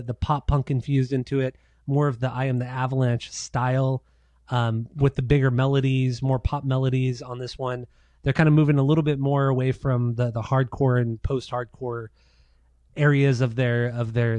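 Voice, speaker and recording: Relaxed man co-hosting a podcast. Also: mid-range voice, no room sound. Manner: relaxed, laughs often, drives the segments. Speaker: podcast co-host. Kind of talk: casual chat.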